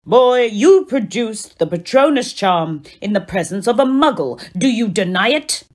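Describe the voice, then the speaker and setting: A woman performing a comedy parody sketch, switching quickly between exaggerated characters. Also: medium pitch, animated. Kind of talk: parody sketch acting many roles.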